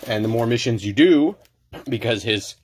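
A medium-pitched man at a moderate pace hosts a casual pack-opening video at home, with a little hiss or hum in the audio. He talks in spurts of loud, theatrical emphasis.

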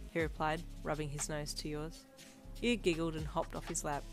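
A woman reading aloud a fanfiction story in a calm, even storybook narration. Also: sits low, moderate pace, over music. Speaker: fanfiction reader.

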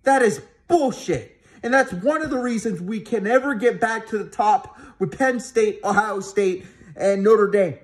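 A high-voiced man speaks at a measured pace in an angry fan rant to camera. As a sports vlogger, he heatedly curses while addressing his viewers, often restarting his sentences.

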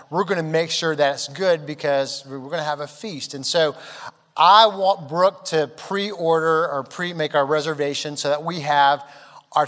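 A man pastor telling a humorous personal story in a sermon, animated and acting out quotes. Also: a little high, in a large hall. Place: large church auditorium.

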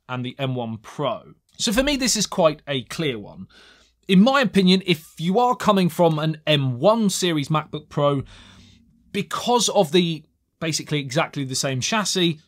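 A young man giving a chatty, self-mocking tech review to camera, with jokey asides. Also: a little high.

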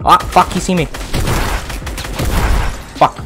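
A young man commentating his own gameplay, cursing and shouting in bursts, close to the mic. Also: slow pace. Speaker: gaming video creator. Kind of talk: profane live gameplay commentary. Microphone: close mic, breathing into it. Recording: game music playing behind.

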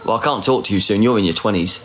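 A man's voice: on the low side, quick pace, soft background music. A man in his forties hosting a casual phone livestream, teasing, flirty and sarcastic, and often mocking himself. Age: 40s. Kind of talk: casual live chat.

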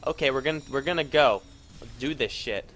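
A man talks his way through his own video game match in a voice of middling pitch, grumbling and swearing. He mutters, then suddenly yells, and a faint hiss of noise sits behind him. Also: fairly quick. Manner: profane, frustrated muttering with sudden outbursts. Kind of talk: live gameplay commentary.

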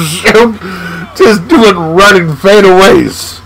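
Guy yelling at his basketball game on his channel, high gravelly voice, jumps all over the place. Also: expressive, slow, background noise. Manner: loud, hyped, yelling at the game. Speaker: gaming channel host. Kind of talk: excited live gameplay commentary. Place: home gaming room.

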